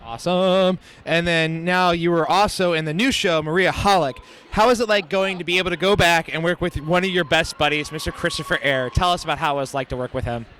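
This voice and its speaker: A man's voice: on the high side, steady tone, fairly quick, few pauses, pushed and bright, slight background noise. A man interviewing a guest at a convention, upbeat and eager, asking long questions. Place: busy convention floor.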